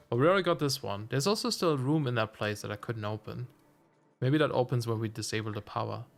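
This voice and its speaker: A relaxed man giving casual gameplay commentary on a stream. His voice sits at an ordinary middle pitch as he muses aloud and chuckles now and then. Faint music plays underneath. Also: fast talker, creaky. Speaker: let's play streamer.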